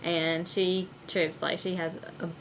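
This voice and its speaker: Young woman, casual, like like like, flat lowish voice. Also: slow pace, slight background noise. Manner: casual, with many fillers. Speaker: interviewee. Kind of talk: casual interview talk.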